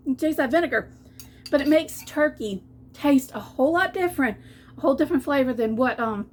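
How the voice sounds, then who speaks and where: A woman's voice: high voice, lively intonation, brisk, slight background noise. A woman, chatting folksily in her home kitchen for a cooking vlog. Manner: chatty, folksy, restarts often. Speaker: cooking vlogger.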